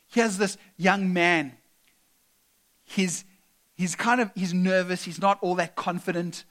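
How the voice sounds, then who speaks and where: A man preaching a sermon as pastor, earnest and emphatic, at times dropping to a soft, tender delivery. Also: sits high, unhurried.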